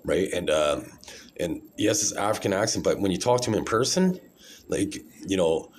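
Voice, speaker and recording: A man's voice: low voice, animated, moderate pace, slight background noise. A man in his forties talking alone to a phone camera in a rambling monologue, often tagging his points with "right?".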